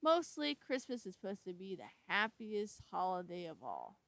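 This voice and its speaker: A woman hosting a casual storytelling video, halting and stumbling as she reads her notes aloud. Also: medium pitch, wildly swooping pitch, creaky, a bit bright, dry recording, rough recording. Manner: many fillers and restarts. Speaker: storytelling channel host. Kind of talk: casual spoken intro to a scary story.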